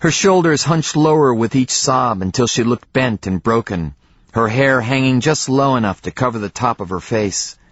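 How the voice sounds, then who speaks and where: A man narrating a novel in the first person, measured, with dramatic pauses, in a dry, slightly dull audiobook recording. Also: mid-range voice, lively intonation, no echo.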